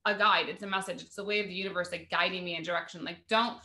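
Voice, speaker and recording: A woman's voice: lowish voice, steady tone, fast talker, sharp tone, roomy sound. A woman hosting a podcast, chatting casually about spirituality, with lots of "like" fillers. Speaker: podcast host.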